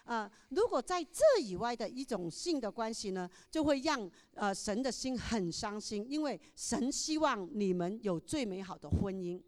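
A woman interpreting a pastor's sermon live in a church, quick and expressive. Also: on the high side, in a large hall. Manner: quick, expressive delivery that mirrors the preacher. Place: large church hall.

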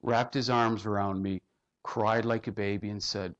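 A male pastor telling a personal story from the pulpit, heartfelt and earnest, his voice sinking low and quiet when he quotes people. The recording sounds dull and lo-fi, with a muffled top end. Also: steady tone, moderate pace. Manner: heartfelt, dropping to soft tones in quotes. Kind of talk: emotional sermon storytelling.

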